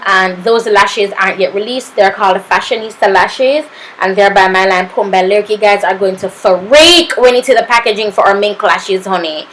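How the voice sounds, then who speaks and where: A woman's voice: medium pitch, normal speed, fairly bright tone, a little hiss or hum, rough recording. Sassy Jamaican woman doing makeup voice-over. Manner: sassy, playful asides calling viewers honey and papito. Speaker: makeup artist.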